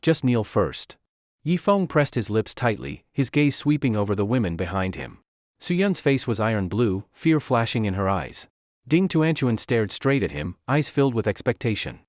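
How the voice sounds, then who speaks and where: A man's voice: mid-range voice, no echo, studio quality. A man narrating a comic story recap in a dramatic storytelling manner.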